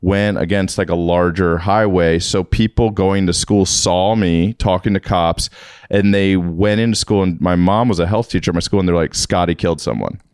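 Low smooth-voiced man telling a story. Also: normal speed, dry recording, clean studio sound. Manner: animated storyteller, acts out quoted voices. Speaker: podcast guest. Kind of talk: casual storytelling chat.

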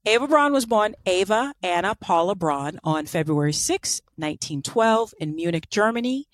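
A woman's voice: mid-range voice, animated, normal speed, dry recording, clean studio sound. A woman co-hosting a podcast, telling a life story in casual, irreverent chat. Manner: chatty and irreverent, apologetic about pronunciation. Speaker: podcast co-host.

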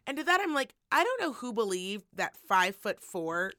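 A woman hosting a podcast, telling gossip in a casual, animated, profane way. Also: mid-range voice, moderate pace, dry recording, clean studio sound. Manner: animated, profane storytelling with laughs. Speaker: podcast host.

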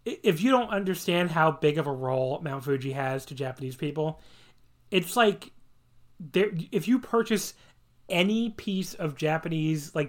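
A man co-hosting a casual wrestling podcast, rambling and animated, laughing often and swearing casually. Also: on the high side. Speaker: podcast co-host. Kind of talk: casual wrestling review chat.

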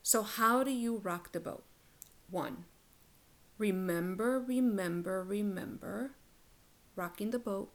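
A woman hosting a solo relationship podcast, talking in a blunt, casual, profane and emphatic way. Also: mid-range voice. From Latin American heritage. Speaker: podcast host, relationship coach.

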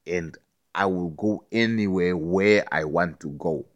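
A man with a fairly low voice delivers a loose, rambling monologue. He stammers and repeats words, swears freely and keeps asking whether you understand him. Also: slow.

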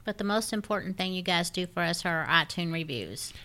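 A woman's voice: fairly low pitch, expressive, brisk, bright, forceful tone. A woman co-hosting a podcast, chatting cheerfully and affectionately with listeners. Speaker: podcast co-host. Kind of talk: casual chat.

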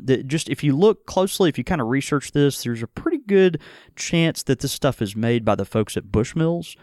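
Male host, mid-pitched, dry close mic, casual halting tasting talk. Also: a little mellow, clean tone, dry recording. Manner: halting, many restarts and fillers. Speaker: whiskey show host. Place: Mississippi.

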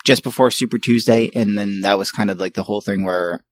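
A man hosting a casual podcast, reading news with an easygoing, hedging manner and quick laughs. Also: fairly low pitch, steady tone, no echo, poor audio. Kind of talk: casual chat.

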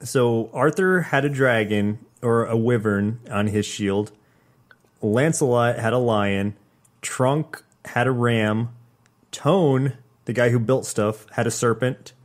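A man co-hosting a podcast in casual chat, calmly recounting scenes and reading off details. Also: mid-range voice, slow pace. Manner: relaxed, listing details from notes. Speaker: podcast co-host.

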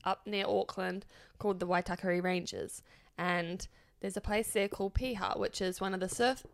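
A woman's voice: mid-range voice, steady tone, normal speed, creaky. A woman from New Zealand in her late twenties or early thirties, co-hosting a podcast in a chatty, giggly way and often trailing off mid-sentence. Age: late 20s to early 30s. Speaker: podcast co-host. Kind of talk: casual chat.

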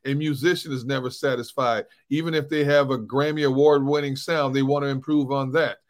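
A man's voice: medium pitch, fairly even intonation, fairly quick. A middle-aged man hosting a sports talk show, easygoing, telling stories and giving pep talks. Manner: easygoing, storytelling, preachy at times. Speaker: sports radio host.

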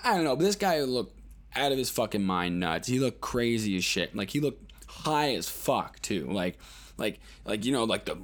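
A man's voice: mid-range voice, sing-song, normal speed. A man hosting a podcast, telling a rambling, profane story in a casual monologue, full of fillers and acted-out quotes. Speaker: podcast host.

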